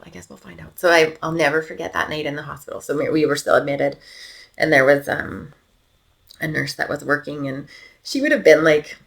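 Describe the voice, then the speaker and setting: A Canadian woman in her thirties, her voice low and gravelly, recounts her baby daughter's illness during a podcast interview. She's a mother appearing as a guest, speaking casually with plenty of fillers and frequently sinking to nearly a whisper.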